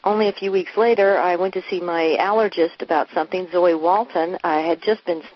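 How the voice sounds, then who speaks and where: A woman's voice: fairly low pitch, steady tone, brisk, dry recording. A woman, a coach, telling her personal story candidly and earnestly, acting out the dialogue of the past. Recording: muffled lo-fi recording.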